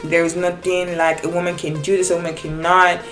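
Young woman vlogging, lowish voice, animated storytelling, faint music in the back. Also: brisk. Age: young adult. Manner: animated, excitable, many restarts and quoted dialogue. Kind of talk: casual personal storytelling to viewers.

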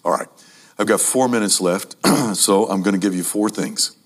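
A man preaching a sermon to a congregation, emphatic, repeating key phrases and speaking to the audience as ladies and gentlemen. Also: fairly low pitch, moderate pace.

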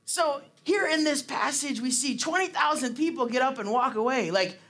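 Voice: high-pitched, moderate pace, fairly bright tone. A preacher giving a casual, conversational sermon, talking chattily with many fillers and restarts. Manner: chatty, laughs often, acts out quotes.

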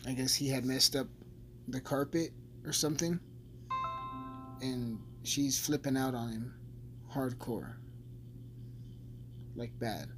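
A man giving a casual, blunt, profane recap of a crime case, rambling as he goes. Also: mid-range voice. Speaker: true-crime commentator.

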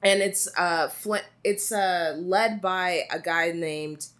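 Chatty woman recapping a film, low voice. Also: slow pace, a bit bright. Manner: chatty, filler-heavy storytelling. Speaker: podcast co-host. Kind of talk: casual chat recapping a film.

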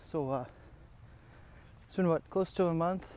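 A young man hosting a podcast, out of breath as he walks around a track outdoors, rambling through a casual, low-energy update. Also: measured pace, a little mellow. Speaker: podcast host. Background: wind and outdoor sounds.

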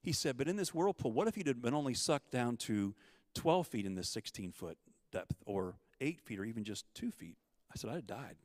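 A middle-aged man giving a personal testimony, telling a story with lively acted-out quotes. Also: mid-range voice, normal speed, no echo. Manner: animated storyteller, acts out quotes. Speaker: guest storyteller.

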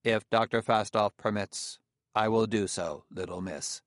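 A man voicing a calm, deferential robot servant. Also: fairly low pitch, normal speed, creaky, dry recording, clean studio sound.

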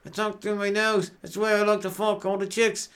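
A man's voice: high-pitched, level tone, moderate pace, fairly bright tone, pitched above the performer's own voice. A man voicing a snooty, nasal male British rapper who boasts in silly rhymes. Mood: boastful. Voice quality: nasal, talks through the nose.

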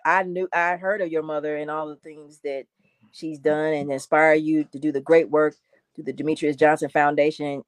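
A woman's voice: low-pitched, no room sound. A woman prosecutor speaking in earnest, emphatic public remarks, with some restarts.

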